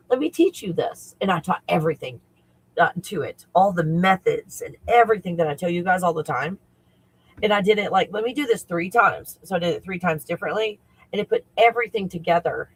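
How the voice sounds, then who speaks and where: A man who works as a spiritual coach talks casually on a livestream, excitable and rambling, often breaking into laughter. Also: high-pitched, husky, no echo, rough recording.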